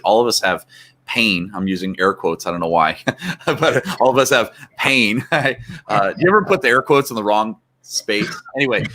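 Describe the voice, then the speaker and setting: A man guesting on a casual show, talking in halting bursts with many repeated words and frequent laughs. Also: lowish voice, a bit bright. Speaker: guest, mastermind group leader. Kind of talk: casual chat.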